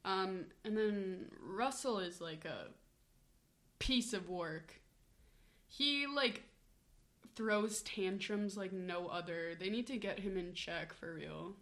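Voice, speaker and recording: Bright-voiced chatty young woman. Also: medium pitch, slow. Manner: chatty, many "like" fillers, animated storytelling. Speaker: podcast co-host. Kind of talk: casual chat.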